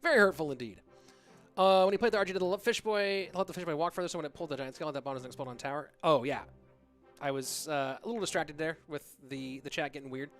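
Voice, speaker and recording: Soft music plays behind this esports caster in his thirties as he calls a live online game and chats casually with his viewers, reading donations aloud. He talks fast in a fairly bright voice that's on the high side.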